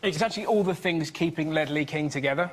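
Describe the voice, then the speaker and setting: A man's voice: a little high, fast talker. A man who is a comedian on a panel show, delivering dry, understated one-liners. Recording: noisy TV studio.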